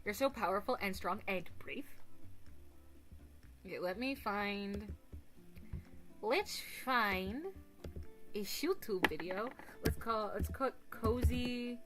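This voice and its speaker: A woman's voice: mid-range voice, slow pace, long pauses, a bit bright. A woman streamer chatting casually with her viewers, rambling, giggly and crude, often mocking herself. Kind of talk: casual livestream chat. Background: faint music.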